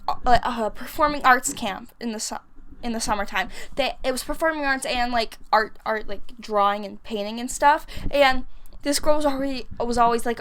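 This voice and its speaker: A young woman telling a rambling personal story in a casual vlog, full of fillers and restarts. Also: fairly high pitch. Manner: rambling, filler-heavy, animated. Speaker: vlogger. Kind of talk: casual storytime over a game build.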